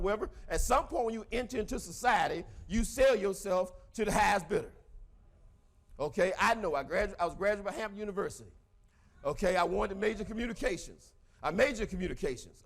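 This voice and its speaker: A middle-aged man with a Southern US accent giving an animated motivational seminar talk to a live audience, repeating his key points in a preachy way. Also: high voice, creaky. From American South. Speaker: motivational speaker.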